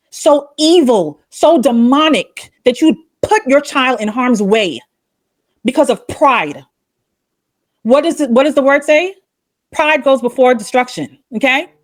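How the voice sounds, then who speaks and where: A woman hosting her own channel, delivering an impassioned, scolding opinion monologue full of rhetorical questions and religious language. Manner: swings between raised outbursts and low, quiet rebukes. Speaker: commentary channel host.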